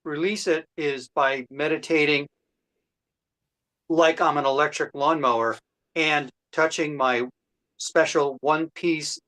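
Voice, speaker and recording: A man doing a deadpan stand-up set of impressions, talking haltingly over a video call. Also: a little high.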